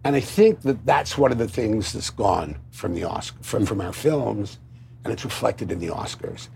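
A man with a Cockney accent telling stories at a roundtable, lively and animated, slipping into impressions. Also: fairly low pitch, normal speed, creaky, noisy background. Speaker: guest storyteller. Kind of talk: anecdotal roundtable storytelling.

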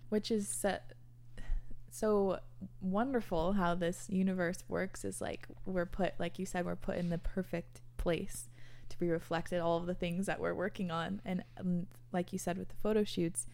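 A woman hosts a casual podcast conversation with a gravelly, fry-laden voice pitched somewhat low. She talks earnestly, swears casually and laughs now and then. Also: steady tone, normal speed, a little mellow. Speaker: podcast host.

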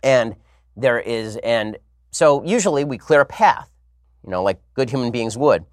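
A man hosting a commentary show, telling stories in a casual, animated way with sarcastic asides. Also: mid-range voice, measured pace, no room sound, studio quality. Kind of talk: casual comedic monologue.

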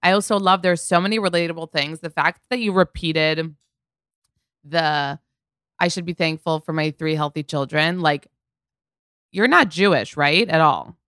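A young woman hosts an interview, chatting casually and enthusiastically. Her voice is low and smooth. The recording is close and dry. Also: normal speed, fairly bright tone, dry recording. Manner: enthusiastic, gushing. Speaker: podcast host.

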